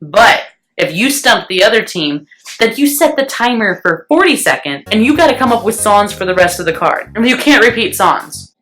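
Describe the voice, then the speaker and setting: A young woman chatting casually to her viewers in a vlog, bouncing between stories and quick bursts of song. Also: medium pitch, very animated, a bit bright. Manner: chatty, breaks into snatches of song. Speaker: vlogger. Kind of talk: casual chat to camera.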